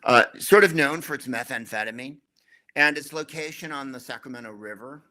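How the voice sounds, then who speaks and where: A man's voice: mid-range voice, a little fast, sharp tone. A middle-aged American man, a guest comedian, telling rambling stories with wry jokes. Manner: rambling, wry, jokey storytelling. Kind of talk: casual anecdotal interview.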